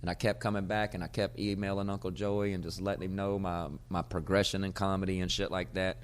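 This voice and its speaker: A man, a comedian hosting his podcast, telling a casual, profane story and getting loud when he acts out old arguments. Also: low voice, fairly quick, a little hiss or hum. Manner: profane, animated storyteller who gets loud acting out arguments.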